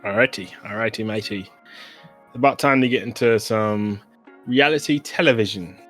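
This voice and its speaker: A man's voice: fairly low pitch, normal speed, a bit bright, faint music behind. A man with an American accent co-hosting a casual sports podcast. He rambles in a laid-back way and keeps saying "bro.". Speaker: podcast co-host.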